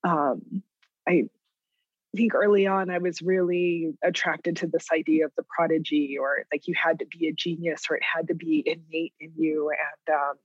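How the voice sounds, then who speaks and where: A middle-aged woman from New Mexico, a writer, telling her story in an interview with many pauses and light laughs. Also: sits low, fairly even intonation, no room sound. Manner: thoughtful, many ums and restarts, laughs lightly. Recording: dull lo-fi close recording.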